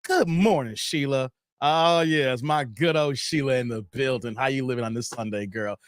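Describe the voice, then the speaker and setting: A man's voice: mid-range voice, moderate pace, no echo, clean studio sound. A man hosting a live stream, casually chatting and reading comments in a playful, laid-back, trash-talking way. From Chicago area.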